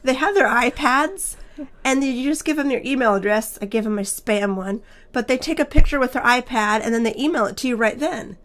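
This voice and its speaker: Slightly higher woman losing her voice. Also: a little fast, a bit bright, slight background noise. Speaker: podcast co-host. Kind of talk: casual chat.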